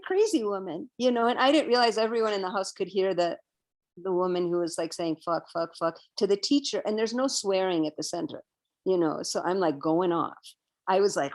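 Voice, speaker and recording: A woman in her sixties, a guest on an interview podcast, telling a personal story in an animated way and acting out her own past outbursts. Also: mid-range voice, moderate pace. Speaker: interview guest, vegan educator.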